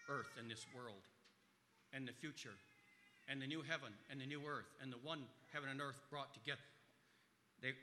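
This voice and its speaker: A man preaching a sermon, stressing key words loudly and then dropping into quiet asides. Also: medium pitch, in a large hall, slight background noise. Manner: emphatic, swings between loud stresses and quiet asides. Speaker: pastor.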